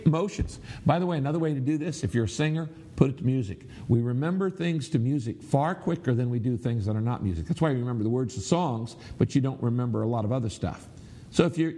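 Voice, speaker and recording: A middle-aged pastor preaches a sermon, teaching his congregation and leading them in reciting aloud. He is emphatic and instructive, repeating phrases for emphasis, in a mid-range voice with a warm tone.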